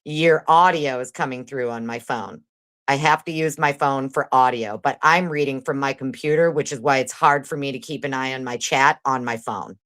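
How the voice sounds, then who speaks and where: A woman hosting a casual livestream, reading a legal document aloud quickly and breaking off into sarcastic, profane asides to her chat. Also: extremely low pitch, fairly bright tone. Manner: fast reader. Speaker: livestream host.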